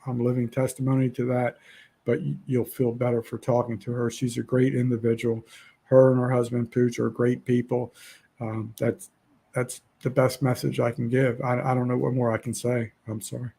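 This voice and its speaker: A man's voice: mid-range voice, flat delivery, moderate pace, vocal fry, mellow, husky. A man around sixty, a podcast guest, talking bluntly and emotionally about feeling hopeless. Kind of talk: candid interview talk.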